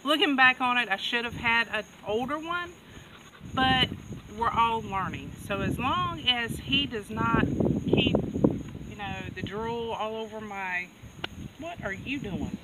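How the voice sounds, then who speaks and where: A woman's voice: on the high side, lively intonation, measured pace. A woman chatting casually in a farm vlog, laughing often and coaxing her animals. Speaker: goat farmer vlogger. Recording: distant outdoor mic, background noise.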